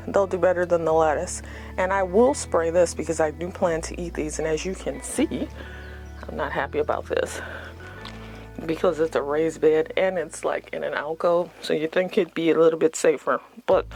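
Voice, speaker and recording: A woman's voice: on the low side, a little mellow. A woman giving a casual, unscripted tour of her front yard garden, chatty and rambling with self-deprecating asides, filmed outdoors on a phone.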